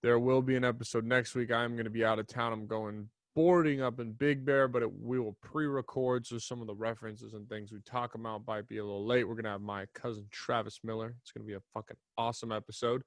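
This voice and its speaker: A young man rambling through a solo podcast segment in a relaxed, profane, offhand way. His voice sits at an ordinary middle pitch and sounds dry and close, with hardly any room around it. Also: fast talker, hardly any pauses, dry recording. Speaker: podcast host. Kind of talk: casual solo podcast chat. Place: small home studio. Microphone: desk mic in front of a camera.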